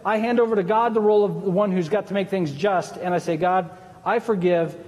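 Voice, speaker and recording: High-voiced man preaching in a reverberant hall. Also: steady tone, brisk, darkish tone. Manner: earnest, conversational preaching with asides. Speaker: pastor. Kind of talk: sermon.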